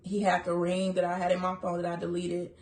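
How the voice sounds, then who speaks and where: A young woman telling a story to viewers, animated, quoting herself and saying "like" often. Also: lowish voice, brisk. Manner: animated, quotes herself, frequent "like". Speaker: co-host of a couple's channel.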